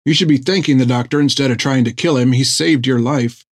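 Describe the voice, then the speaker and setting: A defiant young woman captain speaks calmly, giving orders with quiet authority, voiced by a man. Her voice sits slightly raised above the reader's own. The storybook reading is close and dry. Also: medium pitch, a little fast, no room sound, natural voice. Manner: calm, commanding.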